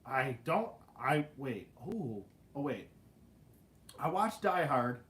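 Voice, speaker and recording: A man hosting a casual livestream, telling stories in an animated way with laughs and swearing. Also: mid-range voice, slow pace. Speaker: livestream host. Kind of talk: casual storytelling chat.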